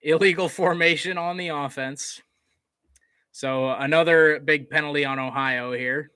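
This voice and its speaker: A man giving casual live play-by-play commentary on a college football game, chatty, with fillers, getting excited on big plays. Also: a little high, unhurried, smooth, dry recording, studio quality.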